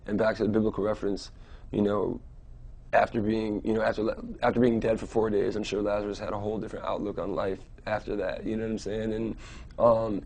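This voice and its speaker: A young adult man answering interview questions casually, rambling and relaxed, with many fillers and restarts. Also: lowish voice, vocal fry. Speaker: musician being interviewed.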